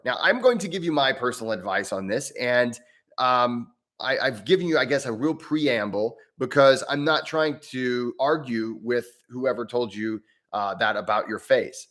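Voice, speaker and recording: A man's voice: medium pitch, a bit bright. A man hosting a live Q&A as a breathwork coach, explaining in an earnest way and thinking aloud as he answers member questions.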